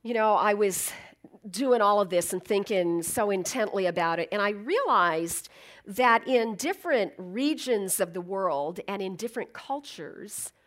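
A middle-aged woman giving a chatty, reflective talk to an audience, with many fillers and easy laughs. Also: medium pitch. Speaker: speaker.

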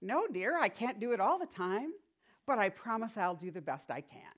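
A woman imitating another woman's little squeaky voice, gentle but firm. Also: sing-song, normal speed. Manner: gentle but firm, calls people dear. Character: small-voiced woman fondly refusing a vow.

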